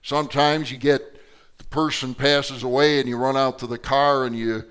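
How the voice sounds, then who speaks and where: A middle-aged male pastor preaching a sermon, moving from quiet storytelling to loud, emphatic passages. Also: mid-range voice, flat delivery, normal speed, smooth.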